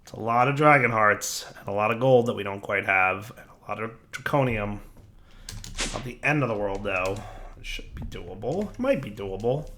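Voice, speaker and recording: Man, slightly sick voice, bright, casual let's play host, chatty gameplay commentary. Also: fairly low pitch, expressive, normal speed, a little hiss or hum. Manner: chatty, talks to his game machines and viewers.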